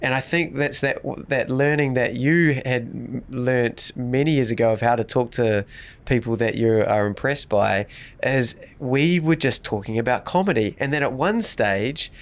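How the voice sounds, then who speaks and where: Man telling a story with lively quotes. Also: mid-range voice, moderate pace. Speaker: podcast co-host. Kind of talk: casual interview chat.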